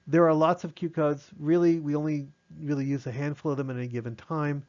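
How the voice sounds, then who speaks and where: A man's voice: fairly high pitch, level tone, fairly quick, a little mellow, dull audio. A man teaching an online amateur radio class in a conversational way, acting out short radio exchanges as examples.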